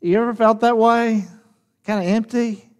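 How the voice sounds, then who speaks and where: A man's voice: very high-pitched, steady tone, moderate pace, clean tone. A man preaching a sermon with a Southern US drawl, folksy and conversational, asking the congregation questions. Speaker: pastor. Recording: long reverb of a large hall.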